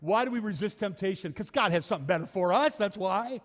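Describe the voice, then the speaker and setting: Middle-aged male pastor, Midwestern American accent, high-pitched preaching voice with call-and-response, recorded in a reverberant church hall. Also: animated, fast talker. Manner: drops to a soft, low storytelling voice in anecdotes. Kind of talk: sermon. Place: church sanctuary.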